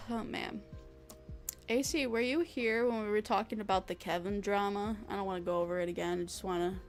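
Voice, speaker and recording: A woman's voice: medium pitch, animated, normal speed, dark tone, soft background music. A young woman streamer chatting casually with her viewers, rambling, laughing often and swearing freely.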